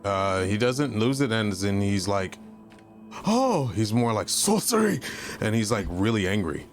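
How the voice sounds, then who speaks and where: A man's voice: fairly low pitch, moderate pace, soft background music. A man playing in a tabletop game, casually describing what his character does. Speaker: player.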